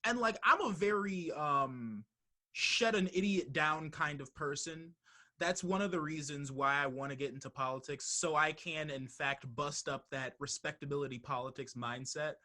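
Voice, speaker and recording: A young man holds the mic on his own podcast, spinning a heated story with lots of swearing. His voice is bright and forceful, sitting a touch high for a man. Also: moderate pace. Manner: animated, profane storytelling. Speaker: podcast host. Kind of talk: casual conversation.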